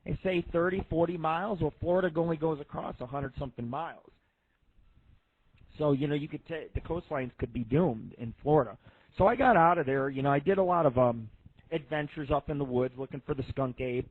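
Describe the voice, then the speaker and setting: A man's voice: a little high, no echo. A man in his thirties hosting a radio show, telling rambling, profane stories in a casual monologue. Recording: tinny phone-like line.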